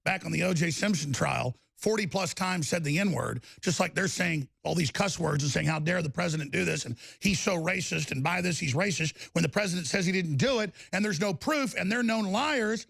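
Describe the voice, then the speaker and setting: A middle-aged man rants on live talk radio in a raised, gravelly voice that climbs high when he's worked up. He hammers the same points again and again, switching between fury and fast sales pitches. The studio sound is dry and close. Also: expressive, a bit bright, no echo. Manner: angry, aggressive, repetitive ranting. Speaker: radio talk show host. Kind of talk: live talk radio rant with product ads.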